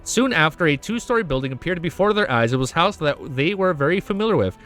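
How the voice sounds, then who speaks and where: A man's voice: a little high, expressive, fast, fairly bright tone, faint music behind. A man reading a web novel aloud for his stream, breaking off now and then into emotional reactions. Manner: reads narration, breaks off into emotional reactions and swearing. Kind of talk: casual reading with excited reactions.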